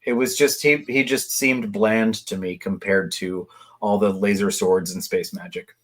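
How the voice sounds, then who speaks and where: A man's voice: on the low side, steady tone, a little slow. A man co-hosting a casual podcast discussion, talking in a reflective, chatty, storytelling way. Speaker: podcast co-host.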